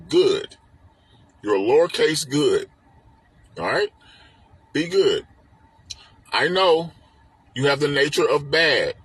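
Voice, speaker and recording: On a live stream picked up by a phone or webcam, a male host and teacher explains a spiritual text. His husky voice sits a little high and sounds a bit bright, with no echo. He preaches emphatically, repeating himself and posing rhetorical questions.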